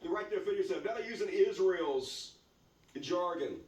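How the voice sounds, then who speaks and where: A man's voice: lively intonation, moderate pace, darkish tone. Sarcastic, swooping man, roomy and distant. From American South. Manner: mocking, profane, swings between high and low tones. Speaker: commentary host. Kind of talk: sarcastic reaction commentary.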